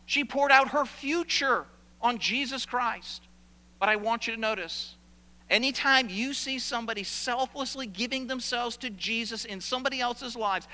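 Bright-voiced preacher in a reverberant hall. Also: male voice, sits high. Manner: animated preaching, repeats phrases for emphasis. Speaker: pastor. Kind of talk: sermon.

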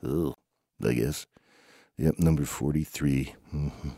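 A man's voice: very deep voice, steady tone, slow pace, warm tone, breathy edge, no room sound, clean studio sound. A man improvising a playful, rambling comic story with banter between characters. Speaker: home show storyteller.

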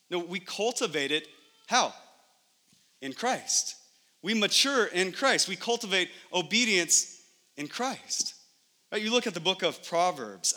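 A man in his thirties preaching a sermon as pastor, animated and conversational, acting out little scenes at home. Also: a little high. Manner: animated, acts out scenes in lively voices. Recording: long hall reverb.

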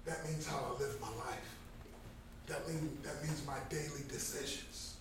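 50ish guy preaching hard, kinda high voice, big echoey room, mic far off, soft hiss behind. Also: steady tone, unhurried. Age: 50s. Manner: emphatic, swings from hushed to loud. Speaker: guest speaker at a Bible study. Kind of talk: impassioned motivational sermon. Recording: very echoey room, distant mic, faint background noise.

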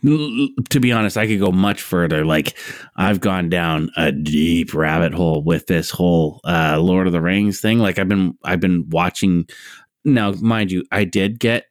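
A man's voice: low-pitched, normal speed, dry recording, studio quality. A man co-hosting a podcast in casual chat, joking darkly and swearing, often breaking into laughs. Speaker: podcast co-host.

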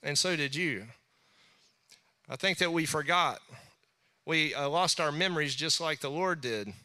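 Bright, smooth-voiced chatty preacher man. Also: fairly high pitch, measured pace. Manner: chatty, rambling, jokey with acted asides. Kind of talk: casual sermon.

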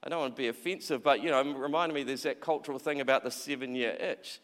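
A man's voice: medium pitch, steady tone, fast, a bit bright. A man preaching a sermon in a chatty way, often acting out quoted voices and repeating words. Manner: conversational, acts out quoted voices, repeats himself. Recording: long reverb of a large hall.

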